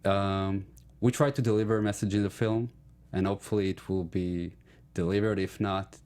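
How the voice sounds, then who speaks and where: A deep-voiced man with an Israeli accent talks in a studio interview. He is a native Hebrew speaker and speaks casually. He is good-humored and laughs easily as he tells his stories. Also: flat delivery, moderate pace, darkish tone. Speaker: actor guest.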